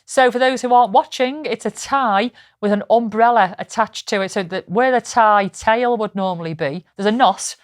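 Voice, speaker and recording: A woman's voice: a little high, normal speed, few pauses. A woman co-hosting a comedy podcast, chatting casually and describing pictures for listeners. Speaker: podcast co-host.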